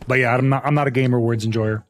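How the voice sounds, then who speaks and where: A man's voice: mid-range voice, steady tone, quick pace, a little hiss or hum. A man streaming a game live, chatting casually with his viewers, rambling with many fillers and restarts. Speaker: gaming streamer.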